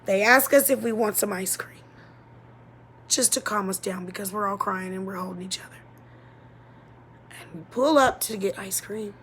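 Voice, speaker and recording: A woman telling a painful childhood story as a personal testimony, halting and emotional, often dropping to a near-whisper. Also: mid-range voice, a bit bright, a little hiss or hum. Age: adult.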